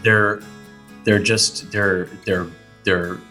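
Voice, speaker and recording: A man's voice: on the low side, little pitch movement, extremely slow, pushed and bright, faint music behind. A middle-aged Canadian man, a guest actor, rambling playfully in casual comedic chat on a podcast. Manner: rambling, playful, does silly voices.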